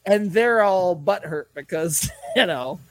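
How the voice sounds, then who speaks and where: A man co-hosting a casual sports podcast, talking in animated, laughing, profane banter. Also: high-pitched, slow, no echo. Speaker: podcast co-host.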